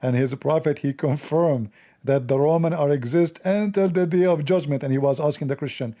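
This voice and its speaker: A man hosting a casual commentary video, sarcastic, animated and mocking. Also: on the high side, a little fast. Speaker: host.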